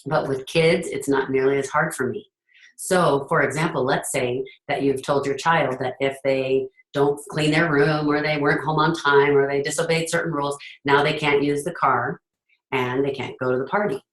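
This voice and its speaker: A middle-aged woman hosts a casual, earnest talk to an audience about leadership, now and then acting out what parents say. Her voice sits low with fairly even intonation at a normal speed, and the room around her is echoey.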